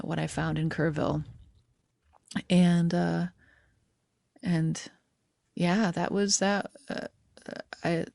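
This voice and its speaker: A low, gravelly woman's voice, recorded close and dry, tells her story with many halts and restarts. Her humor is dry and understated, and she speaks as a musician guest on a podcast. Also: a little mellow, no echo. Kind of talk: casual interview chat.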